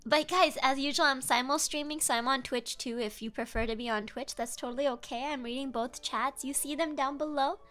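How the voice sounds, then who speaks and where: Bubbly high-voiced young woman streamer. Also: steady tone, brisk, hardly any pauses, a bit bright. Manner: bubbly, giggly, greets chatters by name. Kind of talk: casual live-stream chat.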